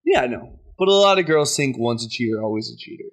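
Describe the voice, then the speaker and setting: Man, young adult, podcast host, casual storytelling, self-mocking, average pitch. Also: animated, fast talker. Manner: storytelling, laughing at himself. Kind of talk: casual chat.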